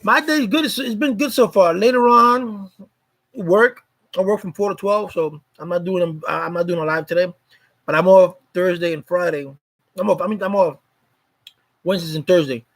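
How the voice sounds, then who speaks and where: A man's voice: sits high, normal speed, poor audio. A man hosting a casual live stream chat, greeting viewers by name in a loose, repetitive way.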